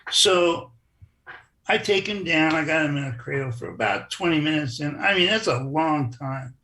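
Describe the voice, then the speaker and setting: A man telling stories in a casual interview, animated and acting out other people's lines. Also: on the high side, normal speed. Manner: animated storyteller who acts out quoted voices. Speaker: interview guest, former wrestler.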